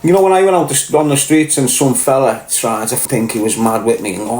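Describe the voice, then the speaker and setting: A man's voice: mid-range voice, steady tone, a little fast, few pauses, darkish tone, slight background noise. Blunt, sweary Liverpool man ranting. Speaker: livestream host reading chat. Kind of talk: casual livestream rant. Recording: roomy echo.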